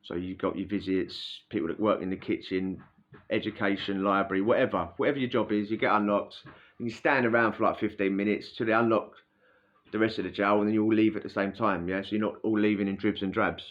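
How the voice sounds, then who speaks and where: A man's voice: on the low side, fairly even intonation, fast talker, fairly bright tone, muffled recording. A man telling a story in a chatty, slangy way, often checking in with "yeah?". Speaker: former prisoner telling a story. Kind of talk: casual storytelling.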